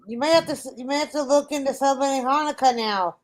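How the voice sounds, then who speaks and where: A woman's voice: high voice, fast, poor audio. Woman chatting, matter-of-fact. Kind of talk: casual chat.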